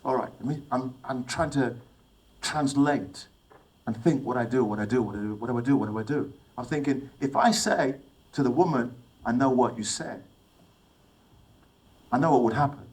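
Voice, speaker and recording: A middle-aged man from England speaks to a room of young people, moving from one personal story to the next. His voice sits at an ordinary mid pitch, and he keeps turning to his listeners with questions. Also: a little fast, darkish tone, low-quality recording. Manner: storytelling, asks the audience questions. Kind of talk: motivational talk with personal stories.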